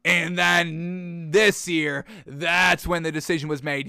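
A man's voice: fairly high pitch, steady tone, slow pace, few pauses, bright, forceful tone, smooth, dry recording, clean studio sound. A man hosting a solo sports commentary show, talking casually to his listeners and mocking teams with sarcastic put-on quotes. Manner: conversational, addresses listeners as folks and y'all.

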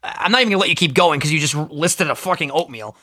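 Young man, podcast co-host, quick talker, fairly high voice, animated and crude. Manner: animated, profane, jokey. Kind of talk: casual chat.

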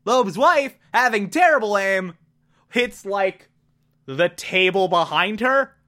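A man's voice: high voice, expressive, slow pace, pushed and bright. A man casually recapping a TV episode, enthusiastic and rambling, laughing at himself. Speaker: TV episode reviewer. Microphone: desk mic.

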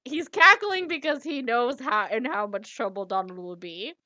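A woman's voice: on the high side, moderate pace, pushed and bright, no echo. A woman co-hosting a casual podcast, retelling a game scene in a playful, giggly way and swearing now and then. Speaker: podcast co-host.

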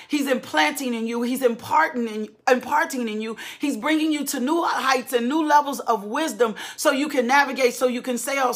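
Fervent woman preacher with husky voice. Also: a little high, a bit bright. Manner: fervent, repetitive preaching cadence with call-and-response. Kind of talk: sermon.

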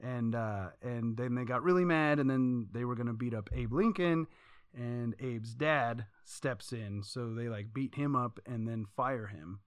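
A man's voice: mid-range voice, unhurried, clear, resonant tone, dry recording. A man co-hosting a podcast, telling stories in a rambling, profane, casual way. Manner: profane, rambling, animated storytelling. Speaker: podcast co-host. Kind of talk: casual chat.

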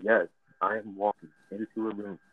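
A man co-hosting a casual podcast chat, an animated and slangy storyteller who laughs often. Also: lowish voice, moderate pace, a crowd in the background. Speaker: podcast co-host. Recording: tinny phone-like line, dry.

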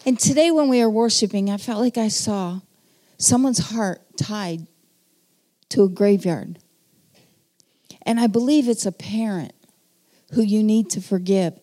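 A woman preaching a personal testimony to a congregation. Her voice is warm and mellow, and her pitch sits in a middle range. She speaks earnestly and pauses often as she tells her story. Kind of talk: testimony sermon.

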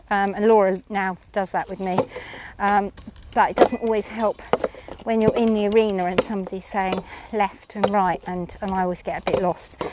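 A woman's voice: a little high, slight background noise. Chatty, rambling woman with many ums. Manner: chatty and rambling, with frequent ums and self-mocking laughs. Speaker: horse rider reviewing her lesson. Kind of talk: casual chat.

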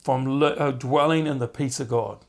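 A man's voice: mid-range voice, normal speed. A man hosting a podcast, teaching from the Bible in an earnest, conversational way, often repeating words as he goes. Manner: earnest, animated when acting out quotes, repeats words.

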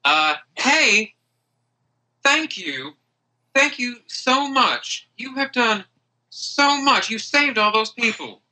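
A man's voice: very high-pitched, expressive, takes it slowly, bright, forceful tone, voice pushed up, exaggerated voice, poor audio. A man voicing a hungover, friendly female dwarf warrior who chats and rambles gratefully.

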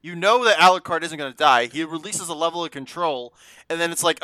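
Bright, smooth-voiced man, dismissive. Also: fairly high pitch, a little fast, low-quality recording. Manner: dismissive, profane. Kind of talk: casual podcast chat.

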